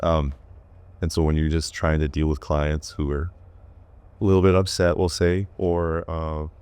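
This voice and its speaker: A man's voice: very deep voice, flat delivery, unhurried, darkish tone, clean tone, no room sound. A man working as a plumber and fishing guide, talking in an easygoing, rambling way on a podcast. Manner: easygoing, talks in long loose runs. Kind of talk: casual podcast conversation.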